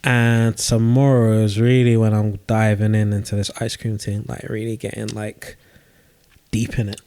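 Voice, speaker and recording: A man's voice: on the low side, level tone, moderate pace, warm tone, clean tone. A man, co-hosting a podcast in casual, easygoing chat and wrapping up the episode. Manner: easygoing, short agreeing replies. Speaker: podcast co-host.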